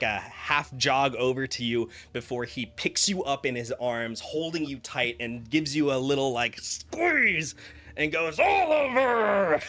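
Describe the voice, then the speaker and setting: A man narrating a tabletop game as game master, halting with frequent fillers. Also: mid-range voice, a bit bright. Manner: halting, with many fillers and restarts.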